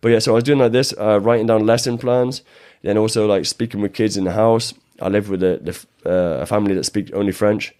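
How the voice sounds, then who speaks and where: A man's voice: on the low side, fairly even intonation, fast talker, hardly any pauses, a little mellow. A British man in casual podcast conversation, rambling with many restarts and fillers. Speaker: guest, jiu-jitsu coach.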